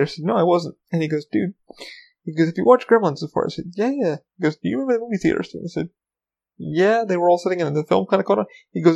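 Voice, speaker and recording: A man's voice: a little high, gravelly, a little mellow. A man in his thirties hosting a podcast on his own, talking in a rambling, profane, casual way. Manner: rambling, profane, self-interrupting. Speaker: podcast host. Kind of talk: casual solo podcast chat.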